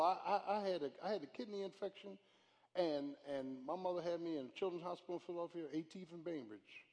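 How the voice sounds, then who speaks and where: Older preacher man in a reverberant church. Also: a little high. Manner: preaching with swings from hushed storytelling to loud shouts. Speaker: pastor. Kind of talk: live sermon. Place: church sanctuary. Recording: live church hall with long reverb.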